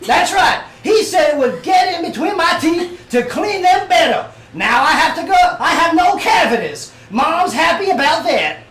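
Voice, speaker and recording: A loud Southern American pitchman yells a toothbrush ad, drawling and over the top, as a radio host puts him on. The voice sits high and strained. It rings out across an echoey studio. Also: very animated, normal speed, few pauses, heavily acted. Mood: shouting. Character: loud shouting Southern man reading a toothbrush ad.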